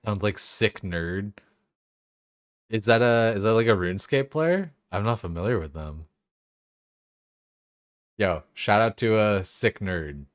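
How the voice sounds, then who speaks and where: Young male streamer, lowish voice, dry close sound, loose profane banter. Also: animated, measured pace, long pauses, dry recording. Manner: loose, profane, chatty, laughs often. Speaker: game streamer. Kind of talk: casual live-stream chat.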